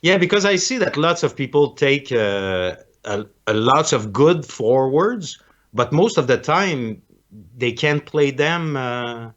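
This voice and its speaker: A man calling in to a live show, speaking hesitantly with many pauses and slightly awkward phrasing. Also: mid-range voice, lively intonation, muffled recording. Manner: hesitant, many "uh" fillers, non-native phrasing. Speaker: caller. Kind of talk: casual chat.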